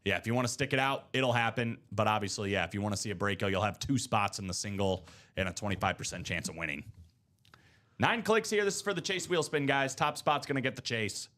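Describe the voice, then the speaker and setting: Male live-break host, lowish voice, relaxed joking banter. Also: fast talker. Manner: laid-back, joking, rambling banter. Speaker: host of a live trading card break stream. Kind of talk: casual live-stream chat.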